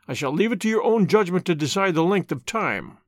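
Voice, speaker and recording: A man voicing a bold masked highwayman who gives stern commands, read as an audiobook. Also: expressive, brisk, no echo, clean studio sound. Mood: commanding.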